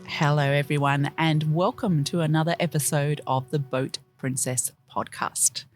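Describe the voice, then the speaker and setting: A woman's voice: sits low, steady tone, moderate pace, soft background music. A woman hosting a podcast, upbeat and enthusiastic, introducing the show and her guest. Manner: upbeat, enthusiastic, laughs easily. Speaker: podcast host.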